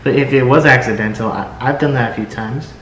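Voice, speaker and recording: A man co-hosting a casual chat, interjecting often and quick to apologize. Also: medium pitch, a bit bright. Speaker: co-host. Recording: echoey room with faint noise.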